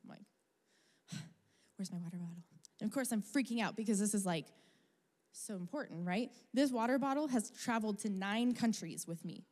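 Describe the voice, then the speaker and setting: A young adult woman preaching a sermon, telling a personal story in a chatty, animated way with casual fillers. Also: mid-range voice, normal speed. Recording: long reverb of a large hall.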